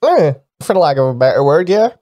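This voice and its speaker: A man's voice: fairly high pitch, very animated, fairly quick, dark tone, no room sound, studio quality. A man playing a tabletop game, answering in character in a sarcastic, mock-tough way. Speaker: player.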